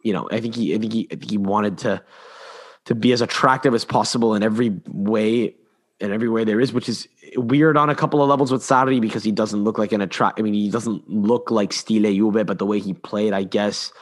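Opinionated male podcast host, lowish voice. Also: a little fast. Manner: rambling, repeats words and restarts often; opinionated, animated. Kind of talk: casual football chat.

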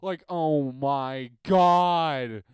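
A man's voice: fairly high pitch, very slow, clean tone, no echo, clean studio sound. A man hosting a solo podcast from a basement, reading listener emails in a crude, sarcastic, rambling rant. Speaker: podcast host.

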